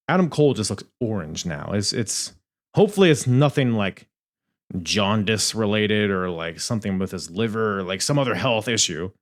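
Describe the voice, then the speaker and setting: A young man hosting a podcast, reviewing in a casual, animated way, swearing and laughing at his own asides. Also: fairly low pitch, moderate pace. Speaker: podcast host.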